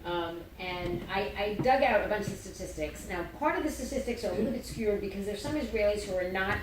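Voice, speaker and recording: A woman's voice: medium pitch, fairly quick. A woman on a theater panel giving a matter-of-fact view backed by figures. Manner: matter-of-fact, cites statistics. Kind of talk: panel discussion. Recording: roomy, distant mic with noise.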